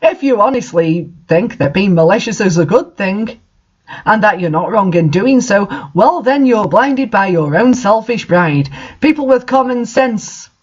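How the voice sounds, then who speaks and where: Reader, mock-dramatic author's note, animated swooping pitch, breathy edge, dull lo-fi recording. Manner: theatrical, with sudden shouted outbursts. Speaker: reader of fan fiction.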